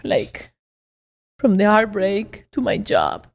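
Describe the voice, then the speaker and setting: A woman's voice: mid-range voice, normal speed, long reverb tail. Tearful woman sharing a heartfelt story. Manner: emotional, heartfelt storytelling, on the edge of tears. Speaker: podcast co-host. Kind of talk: casual podcast conversation.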